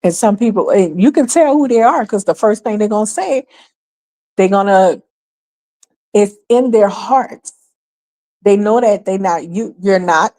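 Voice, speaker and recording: A woman's voice: mid-range voice, unhurried, long pauses, mellow. A woman from New York hosting a livestream, delivering emphatic, sarcastic, opinionated commentary full of rhetorical questions. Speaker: livestream host.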